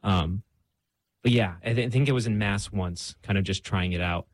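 There's no echo as a young man with a lowish voice speaks at a moderate pace. As a guest in a casual faith talk, he recounts his own faith journey frankly and self-deprecatingly, often using fillers and starting over.

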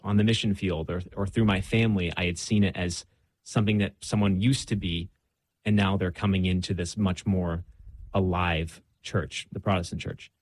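Young man, low voice, dry close sound. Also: fairly even intonation, normal speed, dry recording. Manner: candid, self-deprecating storytelling with many fillers. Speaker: guest. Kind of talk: casual faith conversation.

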